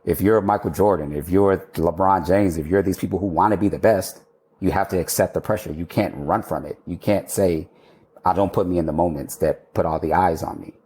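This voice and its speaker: Male guest, 30s, deep warm voice, casual storyteller, laughs often, swears casually. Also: a little fast. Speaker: architect guest.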